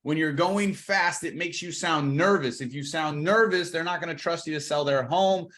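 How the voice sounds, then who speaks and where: A man coaching real estate agents in a training talk, energetic, restarting words and slowing for emphasis. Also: a little high.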